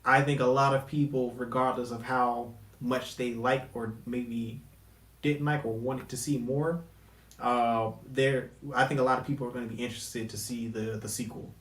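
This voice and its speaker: A man co-hosting a casual chat about movies and games, relaxed and quick to laugh. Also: medium pitch, reverberant, low-quality recording. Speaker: podcast co-host. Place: home room with air conditioner running.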